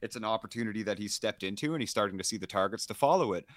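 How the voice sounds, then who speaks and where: A man's voice: fairly low pitch, expressive, very fast, fairly bright tone, no echo. A man co-hosting a fantasy football podcast, talking in a fluent, analytical way with many fillers. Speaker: podcast co-host.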